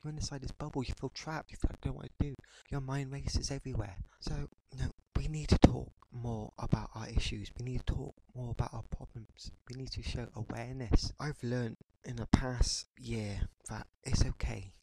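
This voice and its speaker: Gravelly-voiced man in his thirties, ranting. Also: mid-range voice, fairly even intonation, mellow, slight background noise, rough recording. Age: 30s. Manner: frustrated, halting, peppered with "you know". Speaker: podcast host. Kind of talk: podcast rant monologue.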